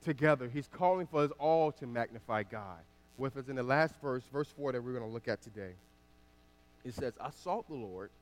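At normal speed, a man likely in his thirties delivers a sermon in a medium-pitched voice with lively intonation. He moves back and forth between loud emphasis and a quiet, chatty personal tale.

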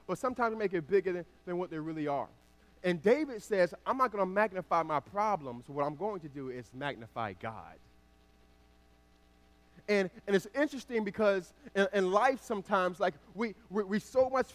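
A male pastor, perhaps in his thirties, preaching a sermon that moves between loud emphatic passages and a quiet, chatty personal story. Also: sits high.

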